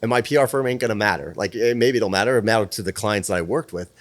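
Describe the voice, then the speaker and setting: A man who is a guest on a podcast, telling stories in a casual, animated way, swearing freely and acting out the dialogue. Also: lowish voice, fast. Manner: animated, profane, plays out dialogue. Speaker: podcast guest, PR firm president. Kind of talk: casual storytelling.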